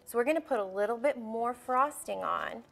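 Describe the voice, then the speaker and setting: Speaking at a normal pace, this young woman has a somewhat high, creaky voice. She's the bubbly host of a live kids' baking show, coaxing the children at home as she walks them through the recipe.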